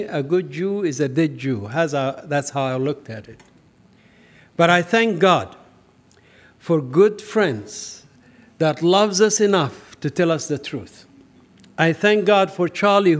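A man with a fairly high voice gives a heartfelt testimony. He tells his story as a vivid storyteller, acting out each exchange of dialogue. His delivery grows more intense as the story builds. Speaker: speaker giving a personal testimony.

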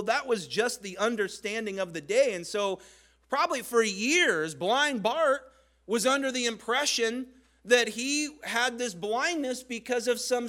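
A man with a high, bright voice preaches a sermon, moving between conversational asides and slow, deliberate emphasis. He speaks earnestly, like a pastor drawing listeners into a scene.

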